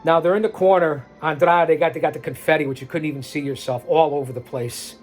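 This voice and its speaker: A man's voice: on the high side, steady tone, a little fast, soft background music. A man hosting a show, casually rambling his commentary over a video clip. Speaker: host.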